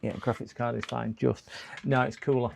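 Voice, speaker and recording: This is a middle-aged man from the UK on a live repair stream, thinking out loud as he works. His voice is mid-pitched with a gravelly rasp. He chats loosely with viewers and mutters and groans to himself in between. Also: level tone, moderate pace, slight background noise. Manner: chatty, mutters to himself, answers chat, exasperated outbursts. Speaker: livestreaming repair technician. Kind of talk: casual live-stream chat while working.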